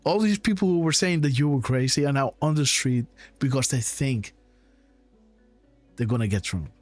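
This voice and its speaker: A medium-pitched man at a moderate pace hosts a live decode show of political commentary, with soft music in the background. Insistent and rhetorical, he keeps questioning and turning to his audience, peppering his talk with "guys" and "right?".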